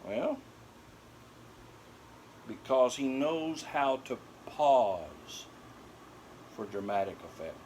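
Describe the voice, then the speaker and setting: A man's voice: medium pitch, very animated, drawn-out words, long pauses, a little mellow, slight background noise. An older man telling corny dog jokes at home to his dogs, laughing at his own puns and then explaining them. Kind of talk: corny joke routine.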